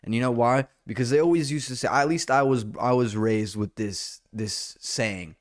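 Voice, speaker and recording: A man hosting a solo comedy podcast in a rambling, profane monologue, now and then jumping into loud, high-pitched bits. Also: normal speed.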